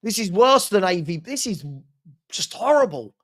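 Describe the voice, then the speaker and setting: A man's voice: high-pitched, big pitch swings, moderate pace, a bit bright. A man from hosting a live fan watchalong, calling a match with sarcastic exasperation and rueful laughter.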